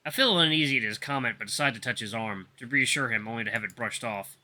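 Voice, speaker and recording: A man reading a story game aloud in expressive first-person narration. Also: mid-range voice, fast talker.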